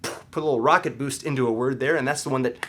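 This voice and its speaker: A young man teaching a casual language lesson, explaining word meanings in an animated way and stressing syllables for emphasis. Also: medium pitch, fast talker, a little hiss or hum.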